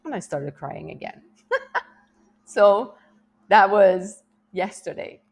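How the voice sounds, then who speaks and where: A woman's voice: mid-range voice, expressive, slow, gravelly, husky. A middle-aged woman talking candidly in a personal vlog, emotional and rambling, laughing often and restarting her sentences. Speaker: vlogger.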